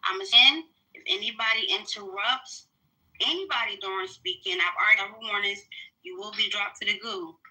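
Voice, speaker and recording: A woman's voice: mid-range voice, bright, forceful tone, poor audio. A woman moderating a live audio-room discussion, firmly keeping order and running the speaking queue. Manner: firm, hurried, keeps order.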